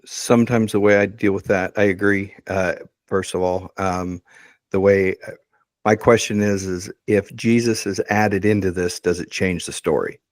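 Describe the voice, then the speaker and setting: Low-voiced man, measured and reassuring. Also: fairly even intonation, no room sound. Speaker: podcast co-host. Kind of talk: casual podcast discussion.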